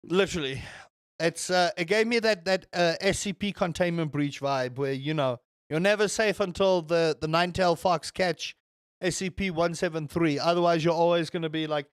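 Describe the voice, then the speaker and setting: Young male streamer with a fairly high voice, rambling and swearing while he chats over gameplay. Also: moderate pace, smooth, dry recording, clean studio sound. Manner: rambling, swears, answers chat and reacts to the game. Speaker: livestreamer. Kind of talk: casual gaming stream chat.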